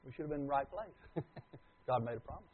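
A man preaching a sermon as pastor, swinging from loud declarations to hushed asides. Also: medium pitch, fast, slightly rough. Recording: tinny phone-like recording.

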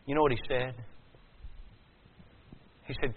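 A male preacher delivering a sermon, swinging from quiet, slow passages to loud, rising emphasis. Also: medium pitch, fairly even intonation. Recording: tinny phone-like sound.

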